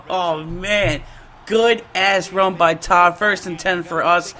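A young man giving excited, slangy commentary over his own football video game, often shouting and laughing at big plays. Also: sits high, slow. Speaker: gaming YouTuber. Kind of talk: excited live gameplay commentary.

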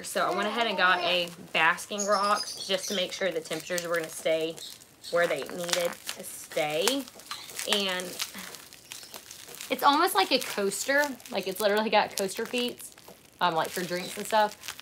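A woman's voice: medium pitch, normal speed. A woman hosting a casual live haul chat at home, rambling along with lots of "um" and "like" as she shows her purchases. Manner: rambling, heavy with fillers like "um" and "like". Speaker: channel host showing purchases. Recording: clear background noise.

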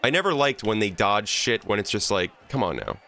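A man's voice: lowish voice, very animated, a little fast, pushed and bright. A man hosting a gaming channel, angrily venting and swearing as he plays through a fighting game. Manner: exasperated, profane venting. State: angry. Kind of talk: let's play commentary.

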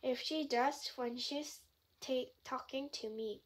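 A woman giving voice to a resentful teenage boy in a storybook, who talks back through gritted teeth with bitter defiance. The voice is high and the pace is unhurried. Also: steady tone.

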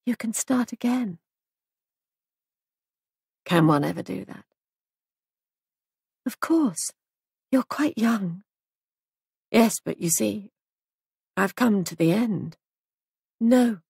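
Woman doing a gentle, reassuring young woman. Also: medium pitch, lively intonation, takes it slowly, vocal fry, pauses often, slightly rough, dry recording, clean studio sound, heavily acted.

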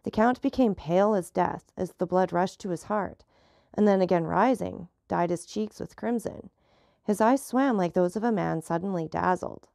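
Gravelly-voiced woman narrating a classic. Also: on the low side, moderate pace, dark tone, no room sound, clean studio sound. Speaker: audiobook narrator. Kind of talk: classic novel reading.

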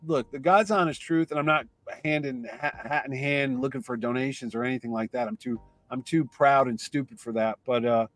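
A man telling a lively anecdote in casual conversation, acting out the voices of the people in his story. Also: mid-range voice, fairly quick, hardly any pauses, no room sound, soft background music. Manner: animated anecdote teller, acts out voices in quotes. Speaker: comic convention organizer.

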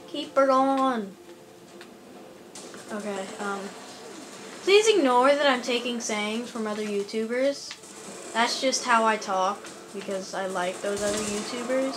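A higher-pitched woman talks through a shooter game from home, chatty and excitable, needling the enemies she fights. Game sound stays clearly audible under her voice. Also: unhurried, long pauses, noisy background. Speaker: gaming YouTuber. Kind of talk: let's play commentary.

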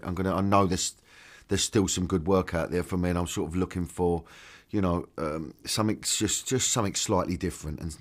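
Deep-voiced man, chatty interview. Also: steady tone, brisk, few pauses. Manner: chatty, blunt, full of restarts. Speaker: interviewed actor. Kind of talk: casual interview chat.

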